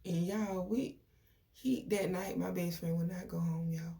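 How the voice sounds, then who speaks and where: Gravelly young woman venting. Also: lowish voice, a little slow. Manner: animated, venting, quotes people in dialogue. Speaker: vlogger. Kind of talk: casual storytelling to viewers.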